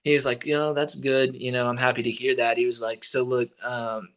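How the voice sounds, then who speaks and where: A young man, a baseball pitcher being interviewed, telling a story in a relaxed way full of fillers and restarts. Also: moderate pace, slight background noise. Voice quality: relaxed, filler-heavy with many likes and restarts. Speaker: guest, baseball relief pitcher.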